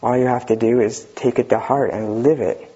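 A man with a husky voice gives a dharma talk in an unhurried way, slipping in dry humor. The recording is dull and lo-fi. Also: mid-range voice, fairly even intonation, dark tone. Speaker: Zen teacher giving a talk. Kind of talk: dharma talk reading and commenting.

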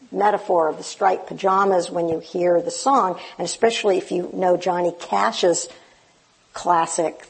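Husky, slow-spoken woman with a higher voice. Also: rough recording. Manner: self-deprecating, gently humorous; hesitant, with restarts. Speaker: speaker at a Zen community gathering. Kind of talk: informal personal remarks to a live group.

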